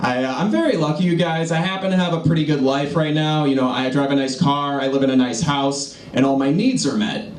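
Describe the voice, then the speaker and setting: A young comedian in his twenties with a slightly high voice, working through dry one-liners on stage. He sounds a little distant from the mic, and the lounge echoes. Steady crowd noise sits under him. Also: fairly quick, few pauses. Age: 20s. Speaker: stand-up comedian. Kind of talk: stand-up comedy set. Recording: echoey lounge, noisy live audience.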